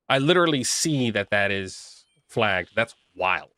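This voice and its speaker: A man's voice: fairly low pitch, expressive, a little slow, sharp tone, no echo, clean studio sound. A young man chatting casually on a live stream, rambling and making crude jokes while reacting to chat. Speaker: livestreamer reading chat.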